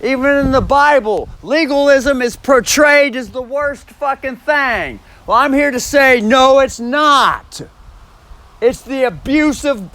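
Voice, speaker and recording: A man's voice: extremely high pitch, fairly bright tone. A man in a rambling solo monologue, profane and emphatic, repeating phrases and stressing single words.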